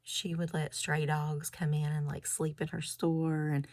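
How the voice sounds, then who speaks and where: A middle-aged woman chats her way through a haul video. Her voice sits low, with a gravelly fry. She rambles from one story to the next with little giggles along the way. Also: level tone, a little slow, a little mellow, dry recording. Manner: chatty, rambling, giggly asides. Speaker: crafting vlogger. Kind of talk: casual haul chat.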